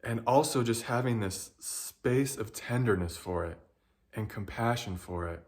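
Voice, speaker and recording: A young man speaking in an earnest, emotional way, sharing a personal reflection and often pausing to search for words. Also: lowish voice, a little mellow. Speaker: spiritual guide.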